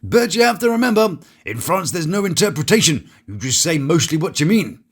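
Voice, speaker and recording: Sarcastic British man with a husky voice. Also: a little high, big pitch swings, fairly quick. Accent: British English. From Britain. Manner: sarcastic, jokey, mock-theatrical. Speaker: reality TV reviewer. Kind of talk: comedic scripted commentary.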